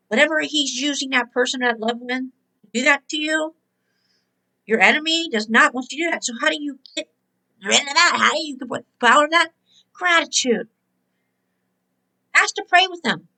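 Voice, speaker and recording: A woman's voice: sits high, creaky, bright, forceful tone, poor audio. A woman hosting a spiritual motivational talk, emphatic and exhorting, repeating her key words. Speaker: host and motivational speaker.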